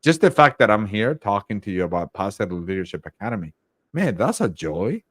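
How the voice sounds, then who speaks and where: Upbeat male coach, lower register, dry close sound, animated self-quoting. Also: brisk, dry recording. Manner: upbeat, acts out his own thoughts in quotes. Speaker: leadership coach guest. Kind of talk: casual interview talk.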